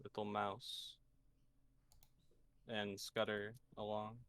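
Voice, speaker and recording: Hesitant male player, flat and slow, crisp dry sound. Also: lowish voice. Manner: hesitant, halting questions. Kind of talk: tabletop game chat.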